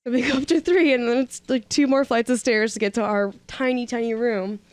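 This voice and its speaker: A woman's voice: a little high, fairly even intonation, brisk, no room sound. A woman co-hosting a podcast in casual chat, laughing often and adding short remarks. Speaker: podcast co-host.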